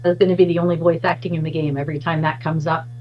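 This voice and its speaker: A woman's voice: deep voice, level tone, very fast, muffled recording. A woman chatting casually and cheerfully while playing a game on a live stream. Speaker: stream co-host.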